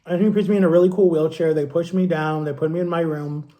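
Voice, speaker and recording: Man, 30s, high mellow voice, casual animated storyteller for a vlog. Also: fast. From Ohio, USA. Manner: animated, acts out quotes in a higher voice. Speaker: vlogger.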